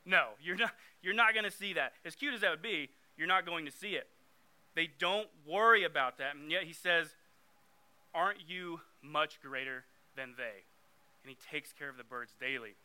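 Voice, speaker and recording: A man's voice: fairly high pitch, moderate pace, bright, forceful tone. A young man giving a conversational sermon, getting emphatic when he reads scripture aloud. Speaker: youth preacher.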